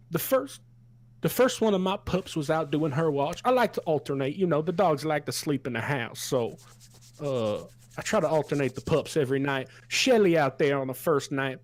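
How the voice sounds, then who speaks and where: A man's voice: high-pitched, no echo. A man putting on a drunk old farmer. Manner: folksy, rambling, drawling. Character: drunk old male sheep farmer, rustic and mournful.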